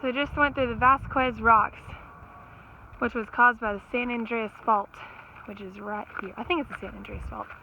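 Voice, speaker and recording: A woman's voice: fairly high pitch, steady tone, moderate pace, creaky, dull audio, background noise. A young woman with a Southern accent, telling trail stories in a casual hiking vlog, recorded outdoors on a handheld camera. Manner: chatty storytelling, acts out quotes in her own voice. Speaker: thru-hiker vlogger.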